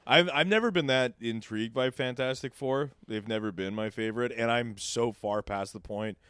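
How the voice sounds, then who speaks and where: A man's voice: medium pitch, normal speed, a bit bright, clean tone, no room sound, clean studio sound. A male stand-up comedian co-hosting a podcast, trading crude, riffing banter in casual chat.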